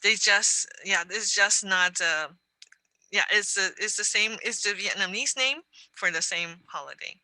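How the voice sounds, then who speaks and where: Bright patient woman teacher on a video call, dry close sound. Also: medium pitch, no echo, poor audio. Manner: explains patiently, repeats phrases slowly for learners. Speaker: educator giving a lecture. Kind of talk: online lecture with Q&A.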